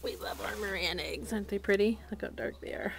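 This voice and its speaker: A woman's voice: medium pitch, steady tone, fairly quick, creaky, noisy background. A woman giving a casual, rambling tour of her homestead outdoors, with plenty of fillers and small laughs, recorded on a handheld camera mic. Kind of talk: casual walk-through narration. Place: outdoors on a small farm, among barns and animals.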